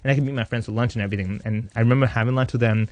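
A man in his thirties tells his own story at a brisk clip, mixing candor with jokes and quick bits of acted dialogue. His voice sits at an ordinary middle pitch. The sound is close and dry, with no room around it. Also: dry recording, muffled recording. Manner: animated, joking, acts out voices in quotes. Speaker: interviewee. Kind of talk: candid personal storytelling.

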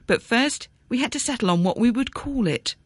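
A woman's voice: fairly high pitch, animated, moderate pace, no room sound. Female radio presenter, dry studio sound.

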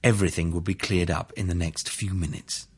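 A man narrating a courtroom story in a steady, even reading. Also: deep voice, fairly quick, slightly rough.

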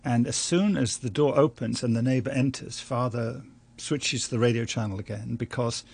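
An older man, a journalist and writer from London, telling a family story in an interview at a measured, reflective pace. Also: medium pitch, creaky, darkish tone, slightly rough. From London, England. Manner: measured, anecdotal, with small restarts and light laughs.

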